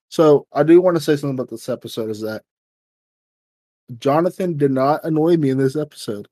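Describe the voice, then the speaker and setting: A man's voice: fairly high pitch, a little fast, warm tone, no room sound. A man co-hosting a casual podcast, laid-back, swearing freely and steering the chat. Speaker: podcast co-host.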